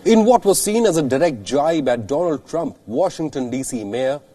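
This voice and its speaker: Mellow-voiced male news narrator. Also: a little high. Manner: steady, measured newsreader delivery. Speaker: news reporter.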